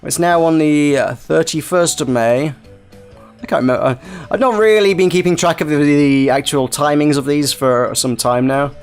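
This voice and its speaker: A man's voice: fairly high pitch, normal speed, soft background music. A man hosting a playful reading of a visual novel, rambling with jokey asides. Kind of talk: playful let's-play narration.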